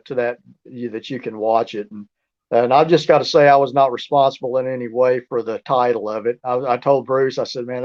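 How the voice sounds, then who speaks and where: A man tells stories as an interview guest, rambling and restarting his sentences. His voice sits at an ordinary middle pitch. The audio is dull and lo-fi. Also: darkish tone. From southeast Oklahoma. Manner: rambling, with many restarts and fillers. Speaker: guest, researcher and author. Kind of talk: casual storytelling interview.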